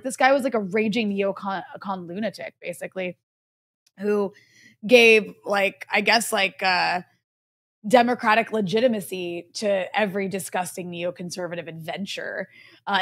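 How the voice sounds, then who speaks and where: A woman co-hosting a political talk show, sardonic and emphatic, with many "like" fillers. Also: medium pitch. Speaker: co-host. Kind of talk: casual political commentary.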